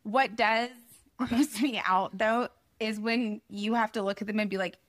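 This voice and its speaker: A woman's voice: medium pitch, fairly even intonation, unhurried, dry recording. A young woman co-hosting a podcast, chatting emphatically and laughing a lot. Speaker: podcast co-host. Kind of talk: casual chat.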